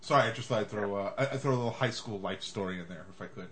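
A man's voice: fairly low pitch, very fast, a bit bright, a little hiss or hum. A man hosting a casual movie chat show, jokey and rambling, prone to digressions. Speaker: podcast host.

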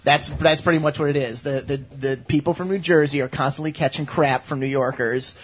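A man talking things through in a measured way during a casual podcast chat. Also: a little high, fairly even intonation, a little hiss or hum.

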